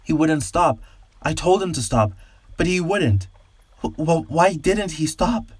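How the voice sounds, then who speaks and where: A man voicing a terrified, pleading man who stammers in a high, trembling voice. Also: expressive, a little slow, breathy edge, no room sound. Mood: panicked.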